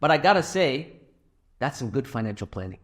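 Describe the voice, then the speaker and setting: Middle-aged man, conversational speaker, mid-pitched voice, live talk in a hall, fundraising appeal. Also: very animated, brisk, a bit bright. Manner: conversational, with anecdotes and laughs.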